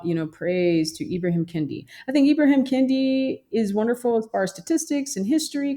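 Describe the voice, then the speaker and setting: In a podcast interview, a woman who is a therapist and social worker speaks emphatically, often imitating other people's voices. Her pitch is fairly high and her sound mellow.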